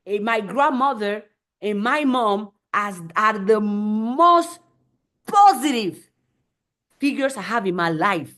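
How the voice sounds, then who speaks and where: A woman's voice: mid-range voice, lively intonation, slow, fairly bright tone. A woman hosting a motivational live stream, speaking emphatically and repeating phrases for effect. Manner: acts out voices in quotes.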